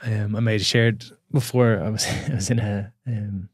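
A man shares a personal story in a relaxed podcast conversation. His voice sits on the low side and he often stops and restarts as he thinks. The sound is dry and close to the mic. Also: normal speed, breathy edge, no echo. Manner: reflective, storytelling, many restarts. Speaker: podcast guest, coach.

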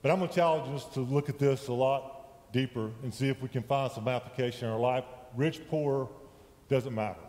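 A man's voice: medium pitch, fairly quick, a little mellow. A man giving a conversational sermon in a church, often checking in with his listeners. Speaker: lay preacher. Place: church sanctuary. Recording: echoey church hall with long reverb.

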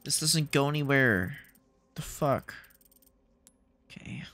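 A man's voice: mid-range voice, expressive, slow pace, bright, forceful tone, no room sound, soft background music. A man streaming a video game, chatting in jokey mock panic and talking to the game characters. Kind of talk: live gameplay commentary.

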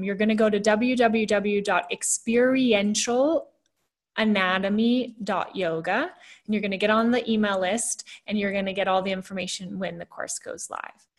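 A young woman hosting a casual video interview, bubbly and quick to laugh. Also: medium pitch. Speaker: host.

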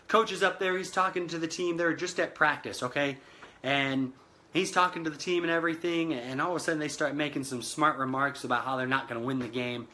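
Bright, earnest motivational male speaker. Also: a little high. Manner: earnest, addresses listeners as guys, repeats phrases for emphasis. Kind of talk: motivational talk retelling a film scene.

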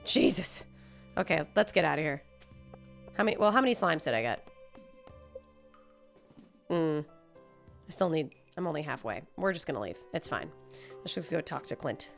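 A woman streaming a video game live, jumpy and excitable, swearing and laughing as she plays. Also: deep voice, normal speed, creaky, pauses often, faint music behind. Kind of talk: live gameplay commentary.

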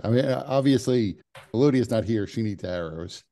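Male player, lowish mellow voice, relaxed offhand delivery. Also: moderate pace. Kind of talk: casual tabletop play.

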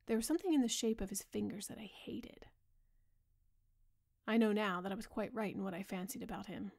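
A woman voicing a grave, earnest male painter in a soft bedtime audiobook reading. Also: mid-range voice, gravelly. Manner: earnest, pleading, softly spoken.

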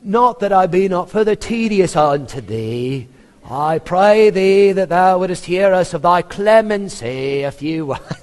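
A man's voice: sits high, lively intonation, a little slow, a little mellow, voice pushed up. Man putting on a fawning, pompous court orator. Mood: flattering. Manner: pompous, oily, overdone eloquence.

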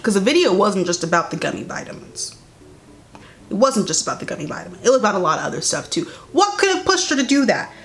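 A young woman giving sassy, incredulous commentary as she reads a statement aloud, jumping between high exclamations and low mutters. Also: sing-song, quick pace. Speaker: commentary YouTuber.

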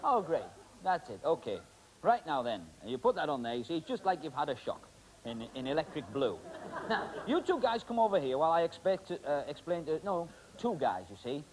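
Brisk and very animated, a middle-aged magician host with a darkish, highish voice banters comically with volunteers in front of a live studio audience. He's talkative and teasing, full of filler words, and the 1980s TV broadcast audio is hissy.

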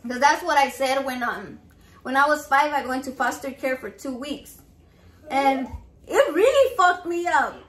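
High-voiced blunt young woman telling her story. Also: lively intonation, measured pace, a bit bright. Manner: blunt and profane, emotional. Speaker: vlogger. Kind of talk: personal storytelling. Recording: echoey room.

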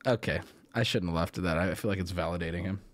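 A man hosting a live stream and reacting to viewer media. He is excitable and swears a lot, swinging from mumbled asides to loud yells. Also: low-pitched, fast talker. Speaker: streamer host.

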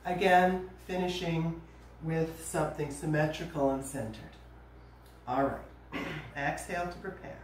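A woman teaching a yoga class, giving calm, gentle cues with casual asides. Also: low-pitched, unhurried. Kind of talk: guided yoga class instruction. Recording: echoey room, voice from a distance, faint noise.

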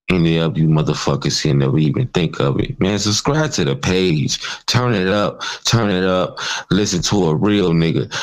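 A man's voice: deep voice, low-quality recording. A man hosting his own channel, delivering an angry, profane, mocking commentary rant. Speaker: channel host. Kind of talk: ranting commentary vlog.

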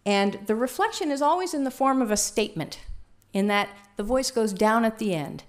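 A woman trainer leading a workshop, talking in a lively, conversational way and asking the room questions. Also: on the high side, normal speed. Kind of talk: teaching a workshop.

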